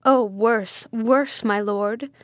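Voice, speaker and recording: A woman's voice: fairly high pitch, slow pace, a bit bright, no echo, clean studio sound. A woman voicing a panicked male castle servant in a storybook reading.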